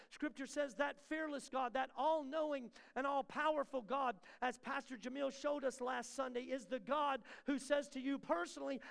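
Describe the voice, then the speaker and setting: A man preaching a sermon in a church, building repeated refrains and then dropping to soft, close asides. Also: extremely high pitch, vocal fry. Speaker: pastor. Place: church sanctuary. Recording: long hall reverb.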